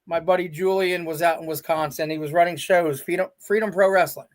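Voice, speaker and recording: A middle-aged man with a notably high speaking voice tells stories from his career as an interview guest. He acts out each quote in the other person's voice, peppering it with "I'm like" and "he goes.". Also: a little fast. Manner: animated storyteller, quotes people in their own voices. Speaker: guest, veteran indie pro wrestler. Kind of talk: casual storytelling interview.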